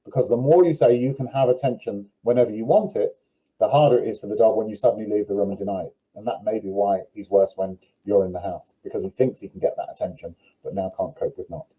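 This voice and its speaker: A man's voice: fairly low pitch, quick pace, dark tone, poor audio. A man working as a dog trainer, giving direct, firm advice in a live question-and-answer session over a video call.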